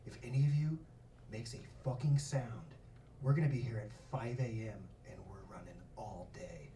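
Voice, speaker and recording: A man putting on a gruff male baseball coach who gives low, quiet, clipped threats. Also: moderate pace, recorded from a distance, slight background noise, lightly acted. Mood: menacing. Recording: echoey club miked from afar. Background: audience laughter.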